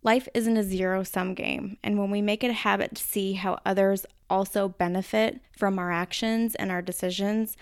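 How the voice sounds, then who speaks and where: A woman's voice: mid-range voice, steady tone, normal speed, hardly any pauses, clear, resonant tone, no echo, clean studio sound. A woman with a Minnesota accent hosting a podcast, explaining ideas in a chatty, casual way with the odd swear word. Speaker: podcast host.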